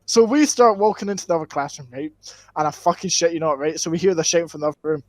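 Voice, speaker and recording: High-voiced sweary Scottish lad. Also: male voice, fast, dry recording. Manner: sweary, excitable, frequent "right?" tags. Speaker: podcast co-host. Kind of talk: casual storytelling chat.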